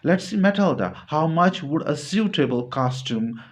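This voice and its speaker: A man's voice: a little high, expressive, moderate pace, voice pushed up, natural voice. A man voicing a meek, anxious husband, a simple clerk, pleading and coaxing his wife.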